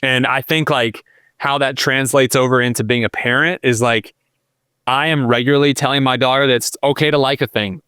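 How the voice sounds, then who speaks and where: Smooth-voiced man in his thirties, rambling. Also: medium pitch, fairly even intonation, brisk, bright, forceful tone, no echo, studio quality. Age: 30s. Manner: rambling, filler-heavy storytelling; openly emotional, candid. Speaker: podcast guest. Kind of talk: casual podcast conversation.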